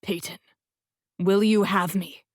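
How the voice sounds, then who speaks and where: A woman's voice: medium pitch, steady tone, slow, dry recording, studio quality. A woman voicing a tender, devoted grown man. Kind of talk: audiobook dialogue reading.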